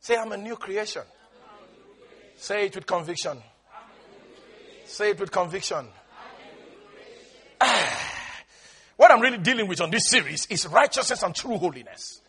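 A man preaching a sermon as pastor, emphatic and calling on his listeners to repeat after him, his delivery moving between shouting and quiet talk. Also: sits high, animated, measured pace, long pauses, slightly rough. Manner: emphatic, calls on the congregation to repeat lines.

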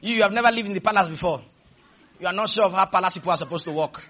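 A man preaching a fervent sermon, shouting at times and leading the congregation in call-and-response. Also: sits high, rapid-fire, a little hiss or hum.

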